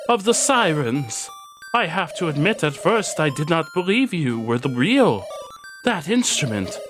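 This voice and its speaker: A man voicing a wise old owl guide, reading its lines slowly and solemnly. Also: high-pitched, voice pushed up. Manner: slow, solemn reading of game text.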